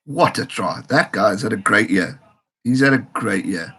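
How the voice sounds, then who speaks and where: Streamer, man, gravelly and husky, excitable, reads out chat comments. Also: on the low side, a little slow. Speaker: live-stream host. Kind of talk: live match reaction stream.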